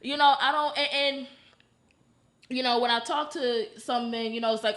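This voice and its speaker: A woman guest on a podcast in casual chat, animated and opinionated, filling her talk with "you know". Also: on the high side, normal speed.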